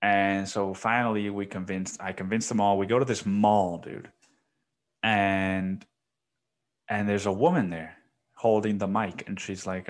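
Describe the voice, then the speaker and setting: Low-voiced man rambling casually, saying "dude". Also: fairly even intonation, unhurried. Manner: rambling, profane, says "dude" constantly. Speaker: podcast host. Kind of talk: casual solo podcast monologue.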